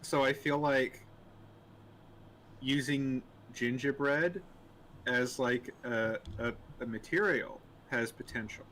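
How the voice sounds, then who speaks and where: A man's voice: mid-range voice, takes it slowly, fairly bright tone, a little hiss or hum. A man co-hosting a casual live-stream Q&A, rambling and hesitant with dry humor, greeting viewers as he goes. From Australia.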